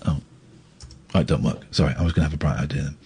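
A man's voice: a bass voice, quick pace, gravelly, dark tone, a little hiss or hum. A man hosting a late-night radio show, joking and self-mocking, rambling with restarts into a studio microphone. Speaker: radio host.

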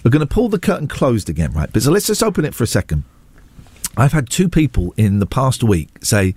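A man's voice: mid-range voice, sing-song, a little fast, a little mellow, husky. A man, hosting a radio show in a rambling, self-deprecating chat that jumps between asides. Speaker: radio host. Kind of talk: casual on-air chat. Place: radio studio.

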